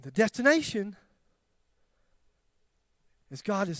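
A man preaching a sermon, swinging between loud emphatic questions and near-whispered tenderness, with self-deprecating humor. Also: high voice, lively intonation, moderate pace, no room sound, studio quality. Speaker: pastor.

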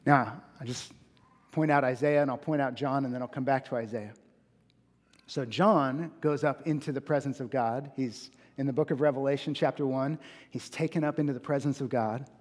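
A man preaching a sermon in earnest. He builds to emphatic peaks and slows down on key phrases. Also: mid-range voice, steady tone, in a large hall. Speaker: pastor.

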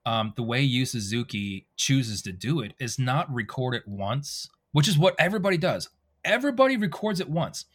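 A man, a voice actor, telling animated stories in a casual interview and acting out quoted dialogue. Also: mid-range voice, moderate pace, slightly rough. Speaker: voice actor guest.

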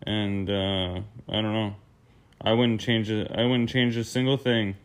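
A young man talks alone on his own podcast in a slightly low voice. He rambles from topic to topic, trips over his own words and interrupts himself, dropping swear words casually along the way. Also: fairly even intonation, measured pace. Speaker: podcast host. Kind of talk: rambling solo podcast monologue.

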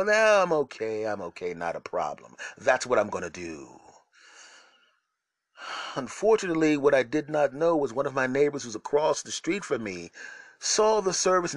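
A man's voice: a little high, dry recording. A man hosting a solo podcast, telling funny stories in a rambling, self-mocking way. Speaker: podcast host and comedian. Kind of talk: comedic solo storytelling.

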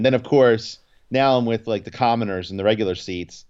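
A man's voice: medium pitch, brisk, hardly any pauses, muffled recording. A man co-hosting a podcast, telling a story in casual chat with lots of restarts and fillers. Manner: animated storytelling, many restarts and 'like'. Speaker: podcast co-host.

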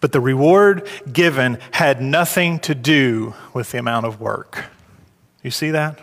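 A man preaching a sermon, his voice climbing high and loud when he acts out complaining workers. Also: a little slow, in a large hall. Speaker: pastor.

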